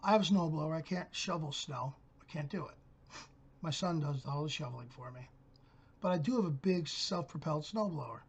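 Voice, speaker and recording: Gruff, husky middle-aged man ranting. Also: fairly high pitch, brisk, lo-fi sound. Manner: blunt, gruff, cursing storyteller. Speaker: channel host. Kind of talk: profane rant monologue.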